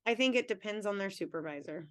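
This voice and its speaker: A woman's voice: medium pitch, animated, quick pace. A woman in her thirties, a teachers' union president, answering questions at a town hall in an earnest, candid way with long run-on thoughts.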